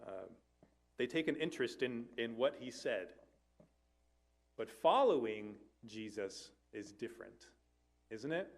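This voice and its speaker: A man's voice: medium pitch, very animated, unhurried, pauses often. Man preaching an earnest sermon. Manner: earnest preaching with occasional self-corrections and conversational asides. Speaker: family life minister.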